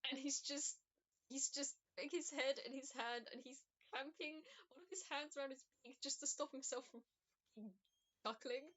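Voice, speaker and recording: A woman playing a tabletop role-play game, describing her character's actions in a halting way with many pauses. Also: high voice, steady tone, fairly bright tone. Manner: halting, hesitant with many ums. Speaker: player.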